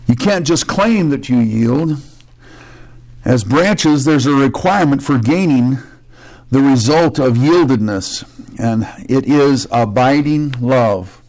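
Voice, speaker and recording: A man's voice: medium pitch, lively intonation, slow, a little mellow. A male pastor preaching a sermon in a conversational way, with joking asides, restarts and rhetorical questions.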